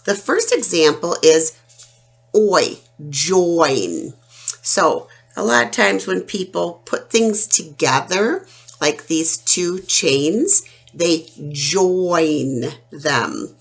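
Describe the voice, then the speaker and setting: A woman teacher giving a phonics lesson to children, sounding out each word slowly and clearly. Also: fairly low pitch, lively intonation. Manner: slow, clear, drawn-out sounding out of words.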